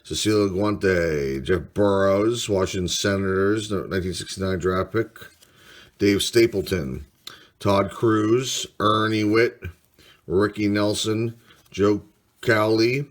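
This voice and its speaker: Slow-talking man reading baseball cards. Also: fairly low pitch. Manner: unhurried, reads names aloud, mild enthusiasm. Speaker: card collector host. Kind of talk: casual card-break commentary.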